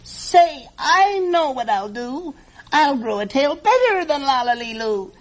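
A woman's voice: sits high, big pitch swings, background noise. A woman voicing a jealous young female bird who pleads and whines, in a storybook reading. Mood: scheming. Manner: pleading, whiny, slow.

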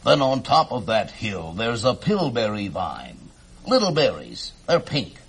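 Guy doing a low husky old uncle bird doctor, fussy but softhearted, sighs a lot. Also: huge pitch swings, heavily acted. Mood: reluctant. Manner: tut-tutting, sighing, unhurried. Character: soft-hearted old male bird doctor, fussy and sighing. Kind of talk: storybook character reading.

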